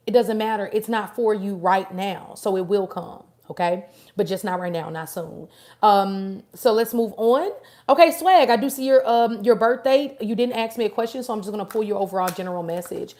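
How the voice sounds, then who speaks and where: A woman's voice: medium pitch, moderate pace. A woman giving a live-stream tarot reading, chatting casually and affectionately with viewers by name and answering their questions. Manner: chatty, warm, affirming, addresses viewers directly. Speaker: tarot reader.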